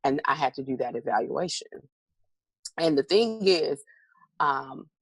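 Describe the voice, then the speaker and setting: A woman's voice: a bass voice, animated, unhurried, husky, no room sound. A middle-aged woman guest in an interview, telling stories with animation and acting out her own replies. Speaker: interview guest, motivational speaker. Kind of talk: candid conversational interview.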